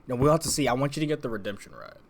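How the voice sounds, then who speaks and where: A young man co-hosting a casual podcast, rambling with lots of fillers, restarts and laughs. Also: mid-range voice. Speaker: podcast co-host. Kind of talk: casual chat.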